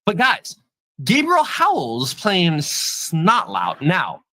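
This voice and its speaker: A man co-hosting a podcast, chatting casually about a movie in a hyped, animated way and often repeating himself. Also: high-pitched, slow, no room sound. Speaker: podcast co-host. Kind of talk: casual movie review chat.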